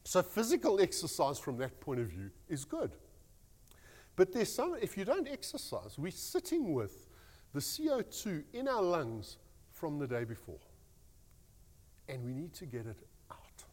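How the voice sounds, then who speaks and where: A man giving a rambling, animated devotional talk as a pastor. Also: high voice, normal speed, in a large hall. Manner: animated storytelling, rambling restarts.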